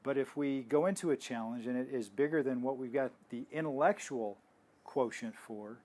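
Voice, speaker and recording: A man's voice: medium pitch, moderate pace, dark tone. A man teaching in a casual faith talk, rambling with restarts and telling stories. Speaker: health ministry teacher.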